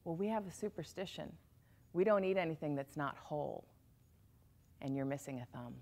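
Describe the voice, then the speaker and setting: Lady doing a calm cannibal guy, soft and flat-toned, just explaining. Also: moderate pace. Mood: matter-of-fact. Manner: quiet and low-key. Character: calm, matter-of-fact male cannibal.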